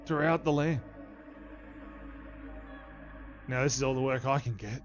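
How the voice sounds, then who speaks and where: A man doing a loud blustering cook. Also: mid-range voice, quick pace, faint music behind, natural voice. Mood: self-pitying. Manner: loud, blustering, self-pitying. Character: gruff disgraced male camp cook, blustering. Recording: dull lo-fi stream audio.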